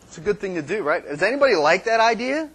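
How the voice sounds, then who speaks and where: A man's voice: high voice, sing-song, quick pace, a bit bright, slightly rough. A man preaching a sermon on marriage in a conversational way, asking the congregation questions and acting out quarrels. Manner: acts out quarrels in quoted voices.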